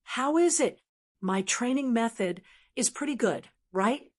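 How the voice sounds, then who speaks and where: A woman's voice: fairly high pitch, lively intonation, unhurried, voice pushed up. A woman voicing a cheerful, confident young male lord in an audiobook, speaking in a breezy, amused way. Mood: pleased. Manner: breezy, laughing.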